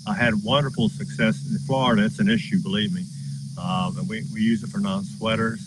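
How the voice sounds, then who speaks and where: A man's voice: lowish voice, fairly even intonation, a little fast, very noisy. Folksy man telling a farm story. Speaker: horse farm owner. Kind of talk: casual storytelling. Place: outdoors on a farm.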